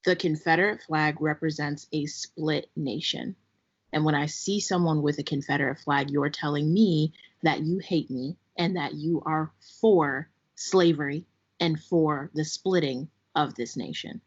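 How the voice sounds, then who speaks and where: Woman, podcast co-host, very low voice, emphatic and deliberate, dull lo-fi recording. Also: steady tone, breathy edge. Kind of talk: casual podcast chat. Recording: dull lo-fi sound.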